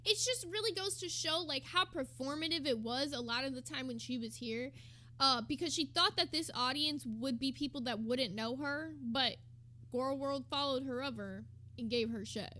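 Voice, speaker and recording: A woman's voice: high-pitched, moderate pace, bright, forceful tone. A woman streamer giving gossipy, sarcastic commentary while reacting to another stream. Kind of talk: casual commentary.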